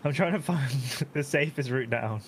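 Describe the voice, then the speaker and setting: A young man gaming with friends, playful and quick to laugh and exclaim. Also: medium pitch, slight background noise. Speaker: gamer. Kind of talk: casual gaming chat.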